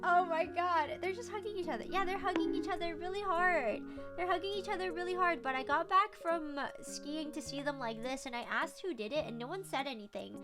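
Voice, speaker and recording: A woman's voice: very high voice, a little fast. A young woman livestreamer chatting casually with her viewers, bubbly and giggly, with frequent little laughs. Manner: bubbly, giggly, self-promoting. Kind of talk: casual stream chat. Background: background music.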